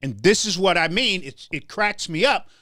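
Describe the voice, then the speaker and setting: A man's voice: high-pitched, lively intonation, moderate pace, sharp tone, no echo, studio quality. A man hosting a political talk show, delivering a heated commentary monologue with stammered restarts and a preacher-like rhythm. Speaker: show host.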